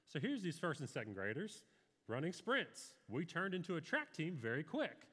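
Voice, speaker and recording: Earnest preacher, lively pitch, echoing hall. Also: male voice, moderate pace. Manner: earnest, conversational preaching with personal stories. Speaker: pastor. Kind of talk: sermon.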